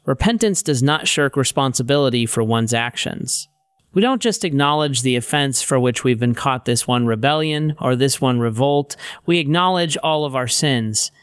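Middle-aged male author-narrator, steady wry teaching read, clean resonant voice. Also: mid-range voice, moderate pace, smooth, no room sound, studio quality. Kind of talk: audiobook narration of a Christian teaching book.

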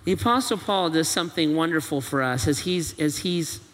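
A male pastor delivering a sermon with a high, forceful, bright voice. He hammers home his point with one rhetorical question after another. His words ring out with the long reverb of a large church hall. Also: expressive, normal speed. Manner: presses with repeated rhetorical questions.

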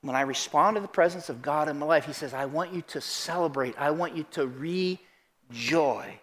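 Guy preaching in church, high voice, keeps firing questions at the crowd. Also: moderate pace. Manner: animated, calls out questions to the congregation. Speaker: pastor. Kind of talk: sermon. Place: church sanctuary.

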